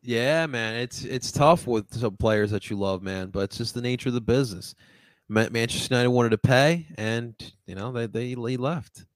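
Animated sports-show host man, dry sound. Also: mid-range voice, moderate pace, no echo. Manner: loose, animated, slangy. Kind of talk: casual sports chat.

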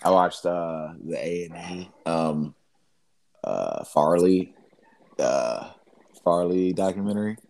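Man, casual podcast chat, animated storytelling, slips into voices, faint background hiss. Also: low voice, slow pace, vocal fry, long pauses. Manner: animated storyteller, acts out prank-call voices. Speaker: podcast co-host.

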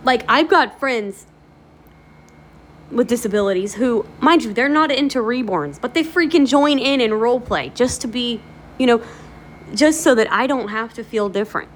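A woman's voice: on the high side, normal speed, slight background noise. A woman hosting a motivational video series, talking casually to the camera in a chatty, encouraging way with lots of fillers. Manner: chatty, animated storytelling with many fillers.

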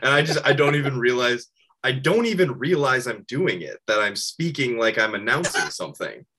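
A hoarse man in his thirties, co-hosting a podcast and rambling in casual chat with plenty of filler words. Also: expressive, moderate pace, bright, forceful tone, slight background noise. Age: 30s. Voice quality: low, husky voice. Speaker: podcast co-host.

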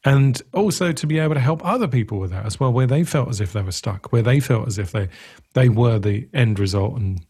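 A man's voice: mid-range voice, a little fast, warm tone, husky. A man who works as a coach, telling a story in a thoughtful, curious, conversational way.

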